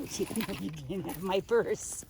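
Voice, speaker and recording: A woman vlogging a farm tour outdoors, chatting to the camera and cooing at the animals in a high sing-song voice. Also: slow, gravelly, darkish tone, slight background noise. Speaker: travel vlogger. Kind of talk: casual vlog narration. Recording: background music under the voice.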